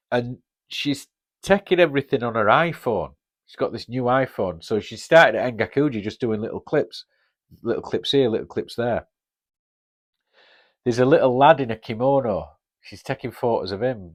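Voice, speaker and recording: A Northern English podcast host in his fifties tells a casual tale at normal speed in an animated, mid-range voice. He speaks with a Northern English accent, chats bluntly, and swears freely.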